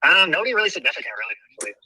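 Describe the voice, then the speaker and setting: A man calling into a livestream, chatting in a gossipy, animated way. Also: high voice, rapid-fire, slightly rough, rough recording. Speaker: caller. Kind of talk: casual phone-in chat.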